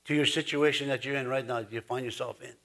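A man's voice: medium pitch, steady tone, fast, gravelly, a bit bright. A man preaching a sermon in a folksy, chuckling way, rising to emphatic points. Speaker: pastor.

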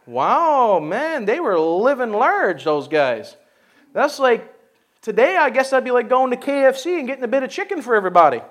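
Sex: man. Role: pastor. Style: sermon. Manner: folksy, joking, laughing. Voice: very high. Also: very animated, moderate pace, fairly bright tone.

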